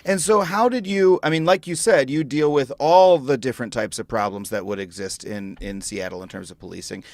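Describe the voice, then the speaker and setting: A man, hosting a podcast in an energetic, playful, rambling way. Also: mid-range voice, a little fast, dry recording. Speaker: podcast host. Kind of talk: podcast interview. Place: studio.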